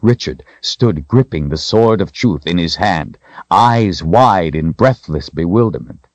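A man with a very deep voice reads a fantasy novel aloud, his delivery lively and dramatic, rising and falling freely. The sound is dry and close, a little dull and muffled. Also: a little slow, no echo. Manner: dramatic, expressive storytelling. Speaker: audiobook narrator. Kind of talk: scripted fantasy narration.

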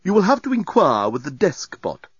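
A man's voice: a little high, big pitch swings, moderate pace, dry recording, pitched above the performer's own voice. A man voicing a prim, snooty male doorbot robot in an audiobook, coldly polite and sniffy like a butler, on a dry, slightly dull recording. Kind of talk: audiobook character voice.

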